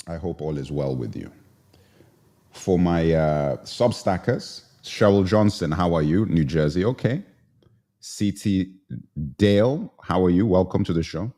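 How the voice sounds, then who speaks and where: A man's voice: sits low, animated, measured pace, long pauses, mellow. A middle-aged man hosting a live commentary stream, greeting viewers by name and repeating his phrases, a little congested from sneezing. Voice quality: repetitive, says phrases twice. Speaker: live show host.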